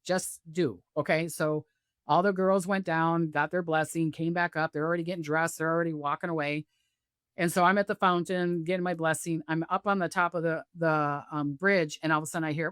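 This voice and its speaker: A woman guest, a psychic medium, telling stories on a video call and acting out the voices of others with big jumps in pitch. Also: brisk, fairly bright tone, no room sound, clean studio sound. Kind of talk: animated storytelling interview.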